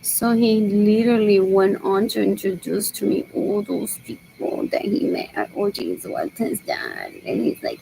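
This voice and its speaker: Gravelly woman muttering a slow monologue. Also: mid-range voice, very animated, dark tone, slight background noise, poor audio. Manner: repetitive, muttering to herself. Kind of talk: rambling solo monologue.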